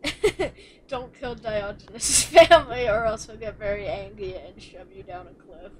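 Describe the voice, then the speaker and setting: A woman watching a friend play, teasing and giggling and telling him to calm down. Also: medium pitch, moderate pace. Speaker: co-host watching the game. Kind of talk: casual chat.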